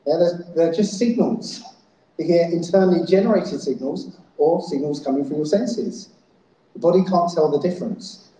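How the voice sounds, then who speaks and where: A man with a slightly high, mellow voice speaks at normal speed, giving a live talk to an audience in a festival hall with heavy echo. The conference speaker often checks in with the crowd by asking "yeah?" and "right?".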